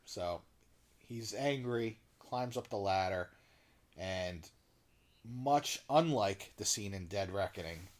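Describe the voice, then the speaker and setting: A man co-hosting a podcast, retelling a movie scene in a loose, animated way and acting out the characters' lines. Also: on the low side, slow. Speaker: podcast co-host. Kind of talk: casual movie recap chat.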